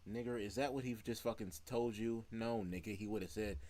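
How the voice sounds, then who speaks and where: A man's voice: lowish voice, steady tone, brisk, hardly any pauses, darkish tone. A man giving crude, profane, laughing reaction commentary while playing a game. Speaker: game streamer. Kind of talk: let's play reaction commentary.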